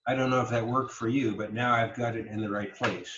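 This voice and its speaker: A man giving a recorded online lecture, speaking slowly and emphatically and exaggerating word stress to demonstrate. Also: medium pitch, steady tone, fairly bright tone, a little hiss or hum. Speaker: college lecturer. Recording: roomy, dull lo-fi recording.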